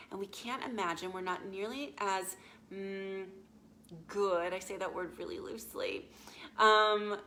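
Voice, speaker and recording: A woman life coach speaking casually to viewers, often checking in with a quick "yeah?" or "okay?" and retelling stories with animated asides. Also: medium pitch, a little hiss or hum. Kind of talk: casual live talk to viewers.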